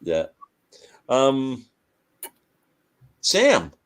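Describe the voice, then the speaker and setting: A man's voice: medium pitch, wildly swooping pitch, extremely slow. A man chatting casually on a video call, who trails off with uhs while he searches for names. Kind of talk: casual conversation.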